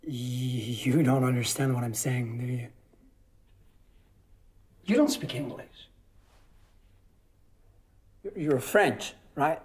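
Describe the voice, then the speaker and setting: A man's voice: mid-range voice, takes it slowly, pauses often, natural voice. An actor playing an awkward man stuck in a lift who fills the silence with rambling, nervous chatter. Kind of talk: film drama acting.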